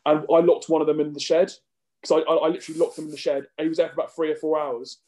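A man's voice: fairly high pitch, little pitch movement, racing, a little mellow. A young man co-hosting a podcast, rambling and self-deprecating in casual chat. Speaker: podcast co-host.

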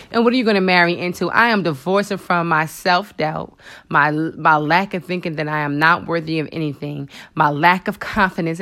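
A woman hosting a Christian motivational talk, speaking emotionally and conversationally to her listeners, with asides and exclamations to the Lord. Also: on the low side. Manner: expressive, emotional, animated preaching with frequent asides; conversational, addresses listeners as girl and honey. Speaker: host of a faith talk show.

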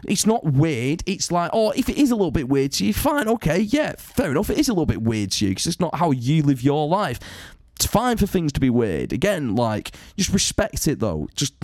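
Male podcast host, sweary rant, lively swinging pitch, dry close sound. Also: no room sound. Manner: sweary, ranting, animated. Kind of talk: casual chat.

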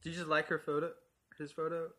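A man's voice: on the high side, monotone, fast talker, a bit bright. A teenage boy co-hosting a casual podcast chat in a laid-back, drawling, joking way. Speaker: podcast co-host. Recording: noisy home recording.

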